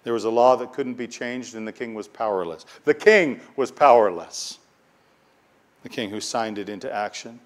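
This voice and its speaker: A man's voice: medium pitch, moderate pace. A male pastor preaching a sermon, reading scripture aloud and stressing key words with swells of force, often repeating himself as he builds a point.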